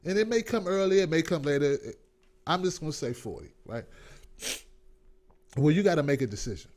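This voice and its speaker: A man in his forties hosting a comedic talk show, talking in an animated, profane way and acting out voices. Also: on the high side, a little fast. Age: 40s. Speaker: host.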